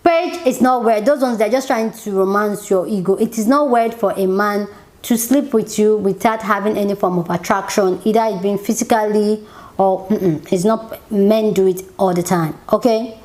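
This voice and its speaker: Woman ranting casually about a tv episode, lots of "like", kinda exasperated, middle pitch. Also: moderate pace, darkish tone. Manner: chatty and opinionated, frequent "like" fillers. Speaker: TV show reviewer. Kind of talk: casual reaction review.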